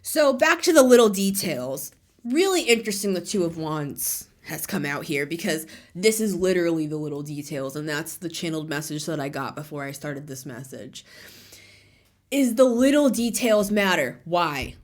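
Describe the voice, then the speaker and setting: A woman's voice: sits low, animated, moderate pace. A woman tarot reader musing aloud in a casual spiritual monologue, laughing often and dropping at times to a near-whisper.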